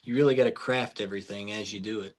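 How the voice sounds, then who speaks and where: A man's voice: fairly low pitch, fairly even intonation, quick pace. A man being interviewed as a film director, speaking in a laid-back, agreeable way with folksy phrasing. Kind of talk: casual interview chat.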